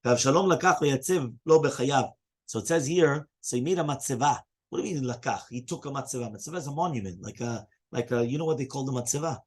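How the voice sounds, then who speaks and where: A man teaching a casual Talmud class, quickly explaining each passage and reading out Hebrew and Aramaic quotes. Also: mid-range voice, a little mellow, slightly rough.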